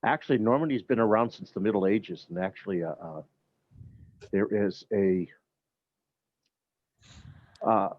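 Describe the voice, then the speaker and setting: A man's voice: lowish voice, animated, a little slow, long pauses, no room sound, muffled recording. An easygoing man in a casual chat, explaining history at length.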